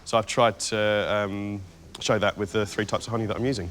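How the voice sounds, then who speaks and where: A man's voice: lowish voice, steady tone, fairly quick, a bit bright, soft background music. A man competing in a cooking contest, earnest and a little hesitant as he explains his dish. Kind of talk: TV interview.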